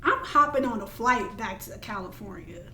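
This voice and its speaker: A woman hosting a casual podcast, telling her side as an animated storyteller who acts out quotes with laughter. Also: medium pitch, moderate pace. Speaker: podcast host. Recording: roomy, distant mic with faint noise.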